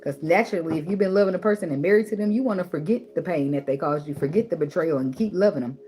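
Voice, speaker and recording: Speaking fast in a lowish, dark-toned voice, this woman gives tarot advice as a casual spiritual monologue. Her delivery is preachy and blunt, with plenty of swearing and words repeated to drive points home.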